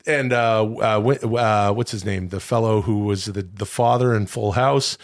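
A man's voice: fairly low pitch, steady tone, normal speed, hardly any pauses. A man co-hosting a podcast in casual chat, rambling and acting out movie lines with big jumps in his voice. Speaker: podcast co-host.

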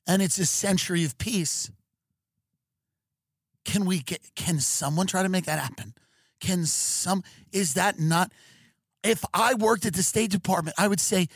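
Excitable man on a comic rant. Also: sits high, measured pace, vocal fry, slightly rough, no room sound, clean studio sound. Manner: animated, excitable, full of restarts. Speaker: comedian podcast host.

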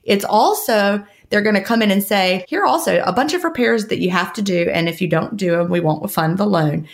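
A woman's voice: medium pitch, animated, fairly quick, gravelly. A woman co-hosting a podcast in casual chat, rambling and laughing often as she talks. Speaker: podcast co-host.

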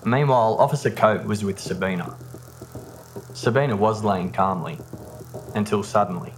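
A man hosting a podcast, telling a true-crime story in a steady, measured scripted narration. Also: fairly low pitch. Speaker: podcast host. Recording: narration over background music. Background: music.

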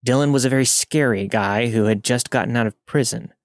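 A man narrating a first-person story in a steady, matter-of-fact way. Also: medium pitch, brisk, no room sound, studio quality.

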